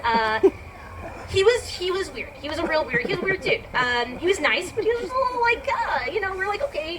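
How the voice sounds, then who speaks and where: High, lively woman telling a story live. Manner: chatty, filler-heavy, laughing, acts out her own reactions. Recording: distant mic with background noise.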